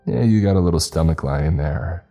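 A man's voice: low-pitched, fairly quick, dark tone, soft background music. A man voicing an amused, sardonic young man who scoffs and grumbles in a horror story. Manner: scoffing, sarcastic.

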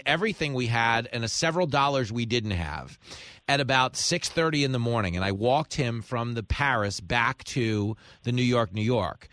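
Animated, bright-voiced male radio host. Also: medium pitch, no room sound. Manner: joking, quick banter, laughs often. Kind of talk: comedic radio talk.

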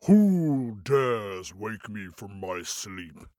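A huge, slow-witted giant rumbles out every word, as a male storyteller puts him on. The voice sits low and stretches each syllable out lazily. It is recorded close and dry, with no room around it. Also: big pitch swings, dark tone, dry recording, full character voice. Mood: booming. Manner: slow, drawn-out deep delivery. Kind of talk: storybook character voice.

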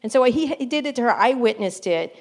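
A middle-aged woman journalist, a guest in an interview, telling lively stories, acting out quotes with laughing asides. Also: a little high, brisk. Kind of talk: casual storytelling interview.

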